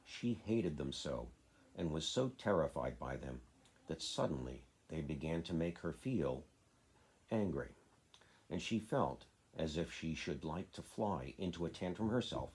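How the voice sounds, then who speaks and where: Deep husky father reading a storybook. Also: expressive, unhurried, darkish tone.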